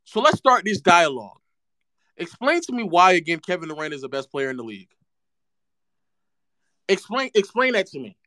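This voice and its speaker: A man's voice: high-pitched, big pitch swings, normal speed, long pauses, pushed and bright, no echo, clean studio sound. A man streaming live, ranting about basketball in a sarcastic, mocking way and repeating phrases for effect.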